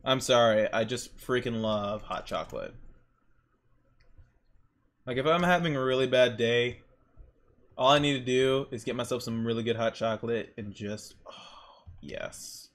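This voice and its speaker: A young man streaming while he draws, rambling through excitable stories and exclamations. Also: mid-range voice, moderate pace, pauses often. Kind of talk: casual chat while drawing on stream.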